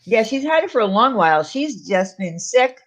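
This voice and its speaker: Welcoming viewers to a casual livestream, a female co-host speaks at a normal speed in a fairly high, very animated voice. She's chatty and playful and laughs easily.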